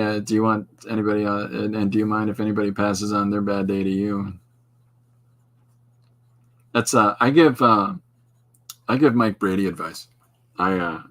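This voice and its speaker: A middle-aged Canadian man with a lowish, fairly bright voice hosts a podcast and chats casually while drawing. As a host and artist, he rambles in a meandering, digressive way, often wandering off and restarting his thoughts.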